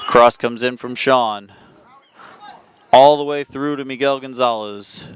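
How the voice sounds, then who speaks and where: A man giving live soccer play-by-play commentary from an outdoor field, chatty and quick to correct himself. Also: medium pitch, steady tone, clean tone. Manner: chatty, self-correcting, apologetic asides.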